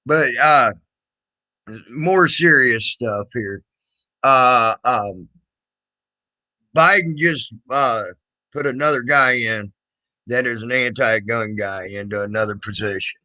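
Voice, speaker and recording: Guy rambling on his livestream, slow, bright kinda forward voice, lots of uh and um. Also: mid-range voice, rough recording. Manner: loose and rambling, greets chatters, many fillers and restarts; mocking singsong when teasing. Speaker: livestream host. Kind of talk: casual livestream commentary.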